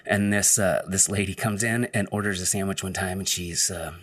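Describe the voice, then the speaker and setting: A man with a low-set voice tells a personal anecdote in a loose, casual storytelling style. He rambles, breaks off and restarts often, with plenty of fillers along the way. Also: fairly even intonation, normal speed, fairly bright tone.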